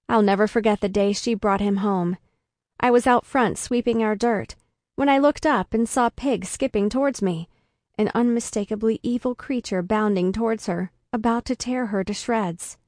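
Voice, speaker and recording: A woman reading a first-person story aloud in a deadpan comic way. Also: mid-range voice, no echo, studio quality. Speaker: narrator. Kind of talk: first-person audiobook narration.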